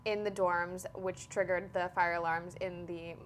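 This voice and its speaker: A young woman hosts a relaxed interview, her voice a little lower than most women's. She talks in a friendly, chatty way, filling pauses with "um" and "like", over a faint background hum. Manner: friendly, chatty, frequent fillers. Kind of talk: casual interview chat.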